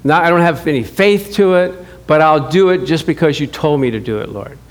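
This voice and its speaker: A middle-aged man preaching a sermon, telling a married-life story with animated acted-out dialogue and frequent chuckles. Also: a little high, fairly quick. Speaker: pastor. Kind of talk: sermon with personal stories.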